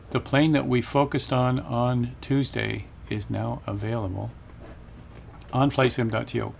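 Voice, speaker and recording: A man with a gravelly edge hosts a relaxed live stream, chatting upbeat and calling out viewers by name. His voice sits at an ordinary middle pitch. There is a faint hiss of noise under it. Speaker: host of a flight-sim live stream. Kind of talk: casual live-stream chat.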